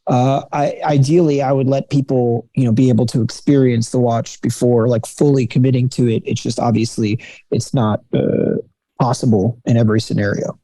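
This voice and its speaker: A man talking shop about watches in a relaxed, candid way, full of fillers and the odd curse. His voice is mellow and warm, and the recording is dry and close. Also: mid-range voice, moderate pace, dry recording. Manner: candid, swears freely, lots of fillers. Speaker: watch dealer, podcast guest. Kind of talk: casual conversational interview.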